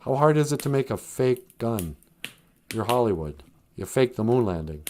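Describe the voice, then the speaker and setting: A podcast host runs a comedic livestream, joking, laughing often and slipping into silly voices. His medium-pitched voice is expressive and a little mellow, at a moderate pace, with slight hiss or hum in the audio.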